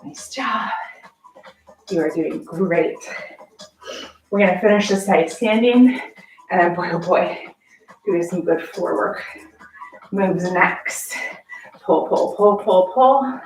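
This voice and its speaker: A winded woman teaching a barre class at an unhurried pace, counting reps and calling out short encouraging cues. She is picked up from some distance in an echoey room, with faint music playing behind her. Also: lowish voice, a little mellow. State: out of breath from exercising. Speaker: barre fitness instructor. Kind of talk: guided workout class cueing.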